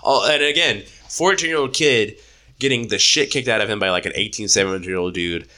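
Bright-voiced man in his twenties. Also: fairly low pitch, fairly quick. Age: 20s. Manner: profane, animated retelling with laughs. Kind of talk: casual book discussion.

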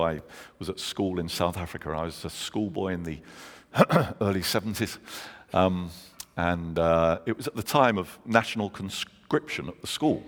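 A man, preaching a sermon and telling stories, slowing down for emphasis. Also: fairly low pitch. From England. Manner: earnest storytelling, slows down for emphasis. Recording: long reverb of a large hall.

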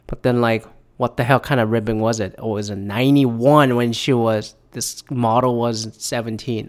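A man's voice: mid-range voice, steady tone, moderate pace, few pauses. Sarcastic, foul-mouthed man reacting to news. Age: 30s. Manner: sarcastic, swears a lot; reads statements aloud then reacts. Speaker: commentator. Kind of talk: profane news reaction commentary.

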